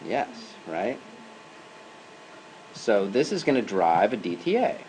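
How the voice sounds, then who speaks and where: A man's voice: lowish voice, very animated, takes it slowly, a little mellow, slight background noise, low-quality recording. A man giving a university lecture in a classroom as an adjunct professor. He talks conversationally and keeps checking in with "right?" and "okay?".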